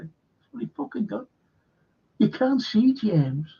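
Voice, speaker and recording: Male stream host, husky and raised in pitch, profane, rambling, reading out comments, dull audio. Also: very animated, slow pace, pauses often. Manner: profane, rambling, reads viewer comments aloud. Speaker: livestream host. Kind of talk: casual fan livestream chat.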